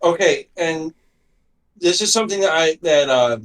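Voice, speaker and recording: A man's voice: fairly high pitch, moderate pace, far from the mic. A man co-hosting a talk show, chatting casually in a hesitant, stammering way. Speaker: podcast co-host. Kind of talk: casual chat.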